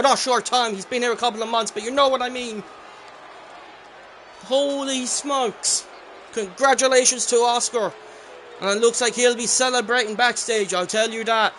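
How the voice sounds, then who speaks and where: Excitable high-voiced young man commentating. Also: a little hiss or hum. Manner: excitable, often shouting, swearing in excitement. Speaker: wrestling commentator.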